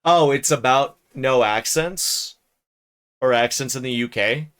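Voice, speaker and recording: A man reading a novel aloud on a livestream, pausing for casual, chatty asides to his viewers. His voice sits at a middle pitch with a smooth, clear tone. The narration is steady, and his chat comments are loose and offhand.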